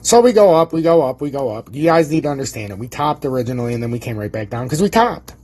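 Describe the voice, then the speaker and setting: A man streaming casual market commentary, brash and boastful, swearing freely and rambling, with a husky voice. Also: mid-range voice, lively intonation, quick pace, a little mellow. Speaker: crypto chart streamer.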